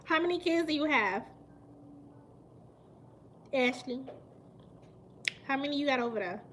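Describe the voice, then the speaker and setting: Woman, 30s, high voice, live-stream host, animated, emphatic, quick to laugh. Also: a little hiss or hum. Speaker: mukbang livestream host. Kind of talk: casual live-stream chat with viewers.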